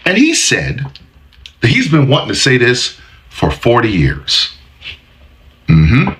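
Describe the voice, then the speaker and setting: A man's voice: medium pitch, huge pitch swings, slow pace, a bit bright. A man in his forties giving heated, profane commentary with emphatic delivery. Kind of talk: ranting commentary.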